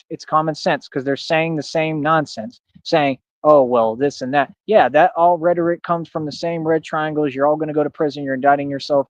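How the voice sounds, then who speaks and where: A man rants on a livestream in a boastful, combative voice that sits a bit high. He keeps circling back to the same points. The sound is dry and close, with dull, lo-fi streaming audio. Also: no room sound. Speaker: live streamer. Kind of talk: ranting livestream monologue.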